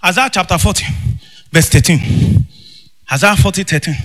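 A man preaching a fervent sermon, shouting in bursts and breaking into tongues. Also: high voice, moderate pace, pauses often. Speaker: pastor. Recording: long reverb with faint music.

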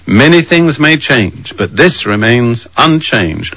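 A man preaching a sermon, measured and emphatic, slowing down to read scripture verses aloud. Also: medium pitch, animated, bright, forceful tone, dry recording, rough recording.

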